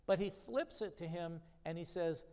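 Preaching in a church sanctuary thick with long reverb, this pastor has a fairly high, darkish voice and keeps a moderate pace. Scripture is read with rising emphasis and then explained in an easy, conversational way.

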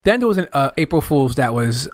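A man in his thirties from New York, co-hosting a podcast and telling a long story with lively acted-out quotes. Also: on the high side, a little fast. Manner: animated, acts out quoted friends in raised voices. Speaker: podcast co-host. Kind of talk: casual storytelling chat.

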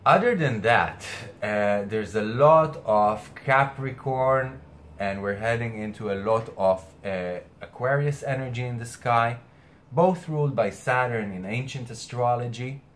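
A man's voice: medium pitch, unhurried. A man astrologer speaking earnestly to camera, hesitating and restarting often, with something caught in his throat. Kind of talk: weekly spiritual message to camera.

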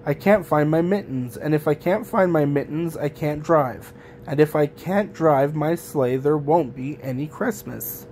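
A man's voice: fairly high pitch, measured pace, a little mellow, a little hiss or hum. A man reading the lines of an old, fretful Santa Claus who grumbles over lost things. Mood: worried. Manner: grumbling, gloomy.

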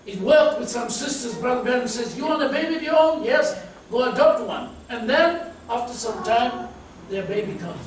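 A man's voice: extremely high pitch, animated, normal speed. A middle-aged man with a South African accent preaching a sermon, telling humorous stories and acting out the quotes he reads. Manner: humorous, storytelling, acts out quotes. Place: church hall. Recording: echoey hall from far off, noisy.

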